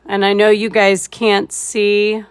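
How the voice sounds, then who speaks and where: A woman's voice: medium pitch, completely flat delivery, slow, smooth. A woman leading a live painting tutorial, laid-back and thinking aloud as she works. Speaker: painting instructor.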